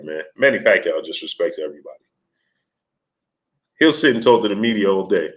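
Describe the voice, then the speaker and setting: A man hosting a live stream, greeting viewers and retelling stories with laughter and quoted voices. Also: mid-range voice. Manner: animated storytelling, laughing, mimicking voices. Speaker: host. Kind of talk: live stream chat, reading Super Chats.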